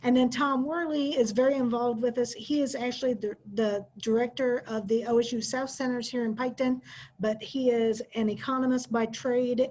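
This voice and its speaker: A woman's voice: fairly high pitch, a little mellow, poor audio. A woman on a webinar video call, explaining her co-op center's services in an informal way with fillers. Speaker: co-op center staff. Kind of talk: webinar discussion.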